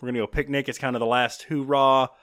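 A man's voice: medium pitch, little pitch movement, fast, a bit bright, no echo, studio quality. A man co-hosting a casual chat show, joking and laughing often. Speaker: podcast co-host.

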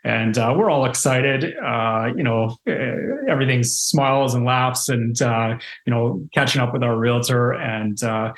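A man's voice: medium pitch, fairly even intonation, measured pace, few pauses. A man telling a story in a casual interview, rambling with many fillers and restarts. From Canada. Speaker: real estate investor guest. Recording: roomy echo.

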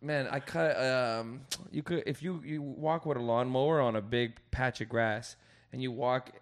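A young man in casual chat, telling rowdy stories and swearing a lot, acting out loud quoted voices. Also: mid-range voice, steady tone, normal speed.

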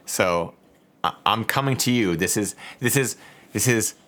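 A woman's voice: extremely low pitch, a little slow, fairly bright tone. A woman hosting a podcast, chatting casually and reading a listener's letter aloud, swearing and laughing often. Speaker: podcast host.

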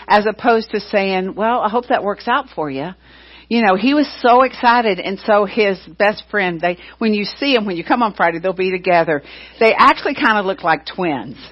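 A woman's voice: medium pitch, breathy edge. A middle-aged woman who leads a church gives casual announcements, a chatty storyteller who fills her talk with "you know" and retold dialogue. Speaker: church leader. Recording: dull, muffled lo-fi recording.

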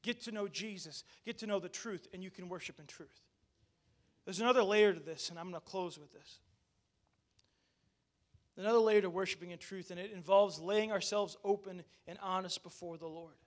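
Male pastor with a high voice, animated sermon that drops into casual asides with the church. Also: normal speed. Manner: animated, addresses the congregation directly; conversational asides with restarts.

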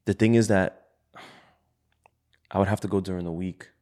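A young man hosting a casual chat, asking rapid either-or questions in loose slang. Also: deep voice, fairly even intonation, a little mellow. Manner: slangy, loose, says "bro" and "yo". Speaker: host asking quick questions.

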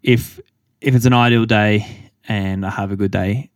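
A man's voice: lowish voice, steady tone, normal speed, no echo, clean studio sound. A man chatting casually as a podcast co-host, rambling with lots of fillers. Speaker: podcast co-host, elite runner. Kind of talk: casual chat.

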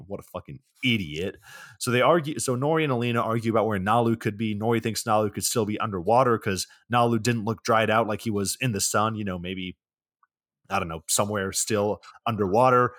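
Deadpan low-voiced man recapping a movie. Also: a little fast, no echo, clean studio sound. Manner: deadpan, sarcastic, swears often. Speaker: podcast co-host.

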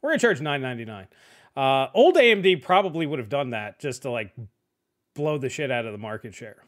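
A middle-aged man hosting a casual tech podcast, laid-back and often trailing off quietly at the ends of sentences. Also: medium pitch, animated, brisk. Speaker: podcast host.

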